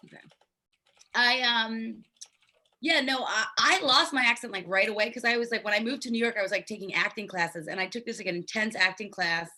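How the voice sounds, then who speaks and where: Delco woman hosting a podcast, bright ringing voice, rambles and swears. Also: medium pitch, fairly quick. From Delaware County, Pennsylvania. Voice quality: swears freely, rambling storyteller. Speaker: podcast host. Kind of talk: casual chat. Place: funeral home office.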